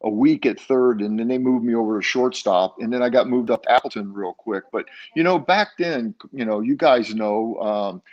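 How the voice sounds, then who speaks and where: An older man spins long stories from his playing days in a relaxed interview. He talks at an everyday pitch, backing up and restarting with plenty of "uh"s as he goes. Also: normal speed, few pauses, lo-fi sound. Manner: rambling, many fillers and restarts. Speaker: guest, former baseball player. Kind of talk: casual interview storytelling.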